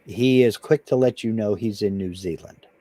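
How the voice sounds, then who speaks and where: A man's voice: lowish voice, moderate pace, dark tone. A man co-hosting a live stream, chatting in a dry, laid-back way and reading viewer comments aloud. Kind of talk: casual live stream chat.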